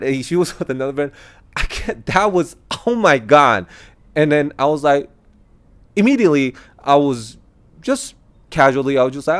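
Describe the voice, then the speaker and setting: A man talking casually about his own views, laughing as he goes and jumping into other people's voices. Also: a little high. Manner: animated, laughing, quick quoted voices. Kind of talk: casual opinion monologue.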